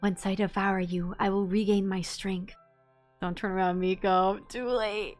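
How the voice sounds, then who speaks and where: Woman reading out a hungry forest snake god, menacing, ordinary middle pitch. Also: fairly even intonation, measured pace, soft background music, natural voice. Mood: threatening. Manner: reading game dialogue aloud in her own voice.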